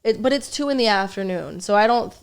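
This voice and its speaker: Smooth-voiced woman telling a lively story. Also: mid-range voice, brisk. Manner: lively storyteller, curses freely. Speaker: comedian guest. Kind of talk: casual podcast storytelling.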